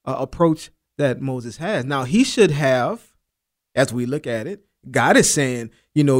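A man's voice: fairly high pitch, animated, normal speed. A man teaching a Bible lesson in a casual, earnest way, dropping in asides like "man" and "you know.".

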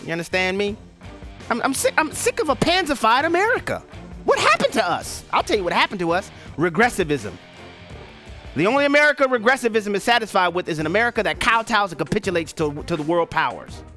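A man's voice: high-pitched, very animated, fast, bright, forceful tone, soft background music. Fired-up male radio talk host. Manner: emphatic, fired-up, rhetorical questions. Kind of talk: political commentary. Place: radio studio.

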